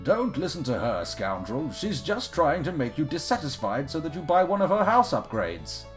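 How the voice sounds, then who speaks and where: A man's voice: on the high side, big pitch swings, moderate pace, faint music behind. A man doing a fussy old village mayor with a thick accent. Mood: dismissive. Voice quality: thick put-on caricature accent.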